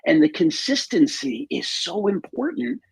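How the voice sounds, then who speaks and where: A man's voice: high-pitched, big pitch swings, a little slow, vocal fry, breathy edge, dry recording. A man as a show guest, earnestly explaining an idea and repeating his key points. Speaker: guest speaker. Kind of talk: conversational advice talk.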